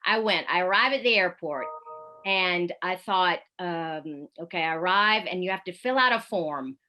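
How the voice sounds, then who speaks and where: A woman, a radio correspondent, telling a lively story over a video call, full of fillers and asides. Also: lowish voice, normal speed, faint music behind. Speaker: radio correspondent giving a talk. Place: home in Paris, at night.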